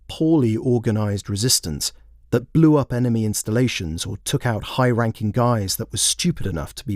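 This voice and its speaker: A man reading his own written story aloud in measured, plain scripted narration. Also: medium pitch, a little mellow, no room sound, studio quality. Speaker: author and narrator.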